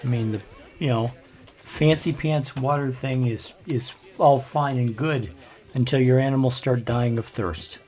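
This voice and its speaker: A man's voice: medium pitch, measured pace, a little mellow. An older man, rambling through casual gameplay commentary with grumbling asides. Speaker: let's play host.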